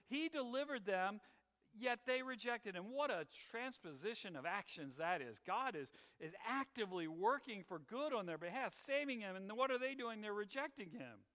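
A man's voice: sits high, bright, forceful tone, in a large hall. A man preaching a sermon with an emphatic cadence that swells and drops. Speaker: pastor.

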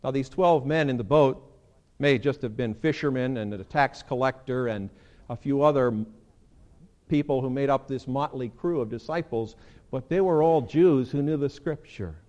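A man preaching a sermon as pastor, animated, acting out quoted lines with sudden leaps in pitch. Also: normal speed.

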